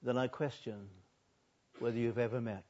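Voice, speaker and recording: A man's voice: medium pitch, steady tone. Older male pastor preaching with dramatic swings. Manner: dramatic swings between soft and loud, drawn-out emphasis. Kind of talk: sermon. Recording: dull lo-fi recording.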